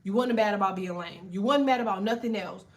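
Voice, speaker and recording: A woman tarot reader ranting to camera in a blunt, profane, animated way while telling a story. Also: medium pitch, brisk. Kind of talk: casual tarot rant to camera.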